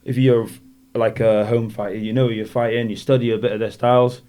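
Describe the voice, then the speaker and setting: A man's voice: mid-range voice, level tone, brisk, warm tone. A man, a former boxer telling rambling stories as a podcast guest and laughing through them. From Wales. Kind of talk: casual storytelling in a podcast interview.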